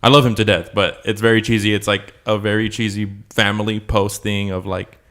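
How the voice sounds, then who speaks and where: Low-voiced man telling a rambling story. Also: flat delivery, fairly quick, fairly bright tone. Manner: rambling storytelling with frequent laughter and filler words. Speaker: podcast co-host. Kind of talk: casual chat.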